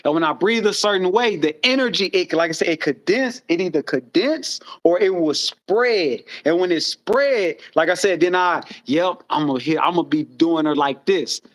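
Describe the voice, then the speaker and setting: Animated high-voiced man rambling. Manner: rambling, animated storytelling with frequent profanity. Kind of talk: casual chat.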